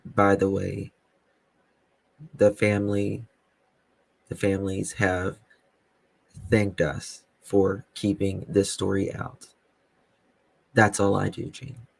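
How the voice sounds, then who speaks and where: A man with a very low, gravelly voice hosts a casual YouTube web sleuth live stream, answering chat comments slowly in a calm, dry, teasing way. He's close to the mic, and the sound is dry, with no room sound.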